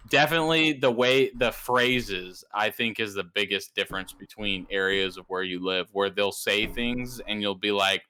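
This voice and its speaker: Bright-voiced man chatting casually. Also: clean tone. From New Mexico. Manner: animated storytelling, jumps high to mimic others. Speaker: podcast co-host. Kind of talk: casual chat.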